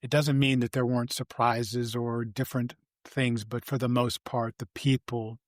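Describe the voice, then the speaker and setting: An older man, a podcast guest, telling animated and rambling anecdotes with frequent restarts. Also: medium pitch, measured pace, no echo, clean studio sound. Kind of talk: casual interview storytelling.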